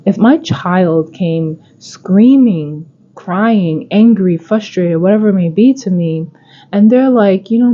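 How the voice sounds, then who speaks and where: A woman's voice: mid-range voice, lively intonation, slow, dark tone, muffled recording. A woman hosting a self-help podcast, talking in an earnest, coaching way and often repeating herself. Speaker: podcast host.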